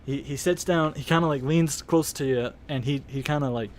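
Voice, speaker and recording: A man's voice: medium pitch, a little fast. A young man narrating a live-streamed tabletop game as game master, rambling with fillers. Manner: rambling, many fillers, laughs at himself.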